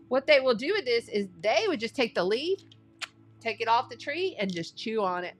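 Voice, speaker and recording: A woman reading tarot cards in a casual, chatty way, getting excited and thinking out loud as she talks. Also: on the high side, moderate pace, soft background music. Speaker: astrology and tarot reader.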